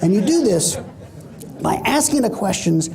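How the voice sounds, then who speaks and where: A middle-aged man giving a keynote speech on stage, an animated storyteller who acts out the voices he quotes. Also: sits high, moderate pace. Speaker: motivational speaker.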